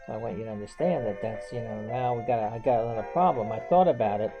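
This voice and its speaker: A man's voice: on the low side, quick pace. Rambling man telling a personal story. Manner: rambling, full of "you know" and restarts. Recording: dull lo-fi with faint music.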